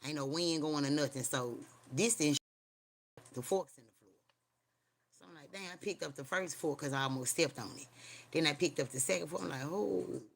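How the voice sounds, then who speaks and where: A brisk, creaky, slightly bright mid-range voice, broken by frequent pauses, carries this casual home livestream. The host rambles and curses in slang, moving between a spooky personal experience and street preaching while checking in with "you hear me?"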